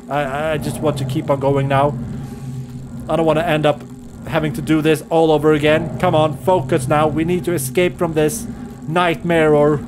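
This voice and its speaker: A man's voice: a little high, noisy background. A man commentating a horror game as he plays, nervous and jittery, swearing and laughing to himself and his viewers. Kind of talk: let's play commentary.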